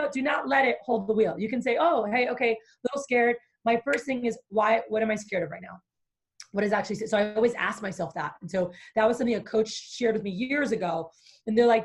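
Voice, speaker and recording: A woman's voice: fairly high pitch, fast talker. A woman business coach being interviewed, talking energetically and acting out the inner voices of fear. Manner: animated, acts out inner voices.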